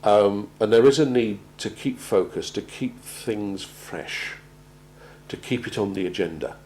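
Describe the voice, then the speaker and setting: A man gives a measured talk on crisis planning, often pausing and repeating words as he goes. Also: lowish voice, darkish tone, slight background noise, low-quality recording. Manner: measured, halting, repeats words while finding them. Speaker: presenter on organisational crisis planning. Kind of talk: prepared talk to an audience.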